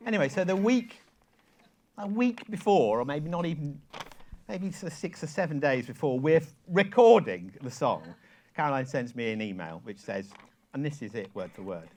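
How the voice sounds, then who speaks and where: A man with a lively storytelling manner, telling an anecdote on stage to a live audience and leading a sing-along. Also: medium pitch, a little fast. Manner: lively storyteller, quoting emails in voices. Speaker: songwriter giving a talk. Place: event hall with live audience.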